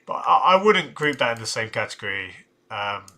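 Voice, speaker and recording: A man's voice: mid-range voice, sing-song, moderate pace, bright, forceful tone. A man hosting a casual live stream, thinking aloud with restarts and asides. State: tired, yawning. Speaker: live-stream host ranking football shirts.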